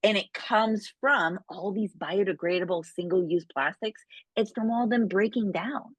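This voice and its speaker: A woman's voice: mid-range voice, unhurried, breathy edge, dry recording. A woman casually coaching her sales team, chatty and full of "right?" tags. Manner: chatty, keeps tagging lines with "right?". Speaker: direct sales trainer.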